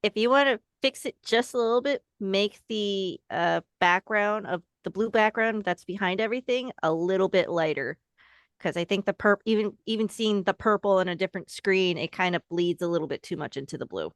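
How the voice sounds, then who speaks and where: A woman's voice: medium pitch, fairly quick, dry recording, clean studio sound. A woman chatting casually at a game table, offering suggestions about colors on screen. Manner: offers friendly design suggestions. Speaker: player. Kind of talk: casual chat.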